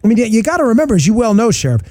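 A man's voice: high-pitched, sing-song, very fast, mellow. A man hosting a talk radio interview, talking emphatically with a sarcastic edge. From New York. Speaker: host.

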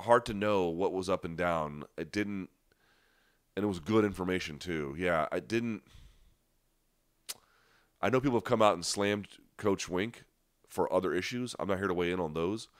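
Low-voiced man hosting a casual live chat. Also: expressive, normal speed, no echo, studio quality. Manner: conversational, frequent restarts and fillers, emphatic asides. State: stuffy nose. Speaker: livestream host. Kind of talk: casual live chat answering viewer questions.

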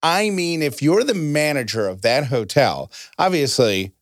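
A man hosting a casual chat show, telling stories with a voice that jumps high for emphasis. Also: animated, measured pace, dry recording, clean studio sound. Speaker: podcast host.

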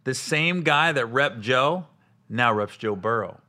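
A man's voice: mid-range voice, measured pace. A man hosting a podcast, telling stories in casual chat with plenty of swearing. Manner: animated, profane storyteller. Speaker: podcast host.

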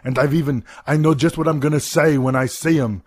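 A man's voice: a little high, steady tone, fairly quick, darkish tone, no echo, natural voice. A man doing a comic impression of a self-important Austrian action-star governor, boasting in a thick put-on Austrian accent. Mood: scheming. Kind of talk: comedy sketch monologue.

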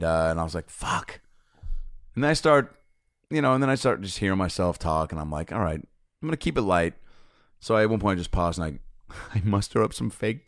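Comedian guy telling a story, deep-ish voice that jumps around a lot, swears, dry close mic. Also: no echo. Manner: animated, swears freely, acts out both sides of the story. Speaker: comedian and podcast host. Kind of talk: casual storytelling monologue.

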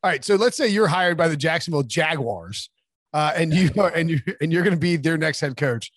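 A man's voice: fairly high pitch, expressive, a little fast, fairly bright tone, dry recording. A man co-hosting a sports talk podcast with wry, jokey banter. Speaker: podcast co-host.

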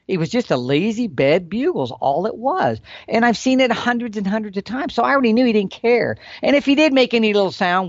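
A man explaining elk calling tactics in a folksy, animated storytelling manner. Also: fairly high pitch, no room sound, highs cut off. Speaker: elk hunting instructor.

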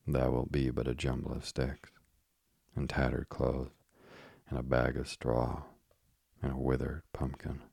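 A man's voice: extremely low pitch, completely flat delivery, unhurried, creaky, darkish tone, slightly rough, no echo, studio quality, exaggerated voice. A man voicing a doting old witch woman in an audiobook, speaking in fond, archaic phrasing.

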